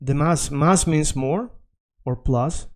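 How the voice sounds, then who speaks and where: Patient man teaching, dark voice. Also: fairly high pitch, slow. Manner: explains patiently, repeats words, checks in with "all right?". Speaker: Spanish teacher. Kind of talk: video language lesson.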